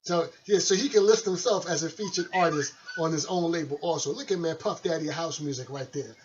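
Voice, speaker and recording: A man's voice: fairly high pitch, fairly quick, a little mellow. A man hosting a casual radio interview with a guest on the phone. He is laid-back and chatty and laughs easily. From Pennsylvania, USA. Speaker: radio show host. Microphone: studio mic, guest on the phone. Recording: slightly dull, lo-fi recording.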